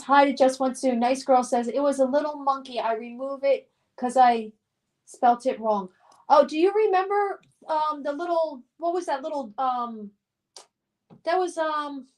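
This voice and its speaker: With a high-pitched, darkish voice at a normal speed, a middle-aged woman chats on her live stream. She reads viewers' comments aloud and responds upbeat and nostalgic, filling her speech with fillers.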